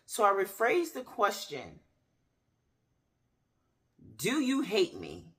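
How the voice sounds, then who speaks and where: A woman in her thirties giving a candid personal faith testimony, talking straight to her viewers with pauses and restarts. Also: medium pitch, wildly swooping pitch, husky. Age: 30s. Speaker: faith vlogger. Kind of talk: personal faith testimony, casual talk to camera.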